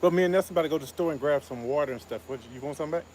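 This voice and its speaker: Laid-back family member, quick mumbly man's voice, off in the room with faint noise. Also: on the high side, a little mellow. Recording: speaking from across the room.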